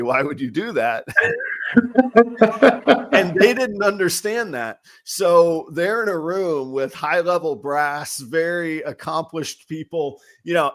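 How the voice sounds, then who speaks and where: A man hosting a podcast, telling candid, self-deprecating work stories and acting out the quotes in them. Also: a little high. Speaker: podcast host. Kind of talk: casual chat.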